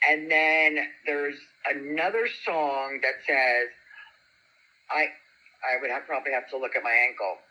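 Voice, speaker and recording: A woman, a guest telling a story in animated, chatty talk. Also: very deep voice, unhurried, rough recording. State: single parent. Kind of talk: casual storytelling chat.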